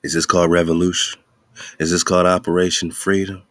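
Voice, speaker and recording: A man's voice: deep voice, level tone, brisk, fairly bright tone, no echo, studio quality. A male radio host giving casual, heated commentary, slangy and preachy.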